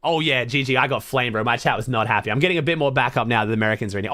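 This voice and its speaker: A man's voice: mid-range voice, rapid-fire, pushed and bright, no echo, studio quality. An Australian man streaming to his chat, thinking aloud in blunt, casual talk full of swearing. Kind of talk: casual livestream chat to viewers.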